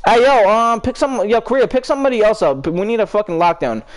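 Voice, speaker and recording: A young man with a fairly high voice calls out teammates mid-game in heated, cursing trash talk. Between plays he greets his chat and answers viewers, still swearing through it. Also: animated, a little fast. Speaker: streamer. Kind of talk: live gameplay commentary and chat talk.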